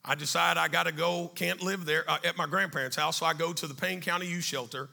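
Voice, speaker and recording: A middle-aged man telling a life story to an audience, animated and then dropping quiet and serious. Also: on the high side, fast talker, vocal fry. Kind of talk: storytelling talk.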